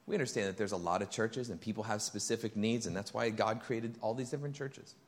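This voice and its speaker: A man pastor preaching a sermon in a church, conversational and animated, acting out bits of dialogue and getting loud and high when excited. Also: quick pace. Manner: conversational, acts out quoted dialogue.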